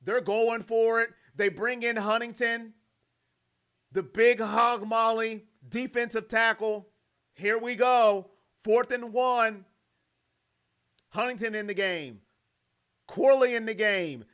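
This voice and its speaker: A young man with a high, bright voice calls a football game play by play as an excited fan. He rattles off formations and handoffs, then jumps into jokey, animated asides. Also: takes it slowly, pauses often, smooth. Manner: animated, jokey, mimics players in quoted voices. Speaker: fan commentator.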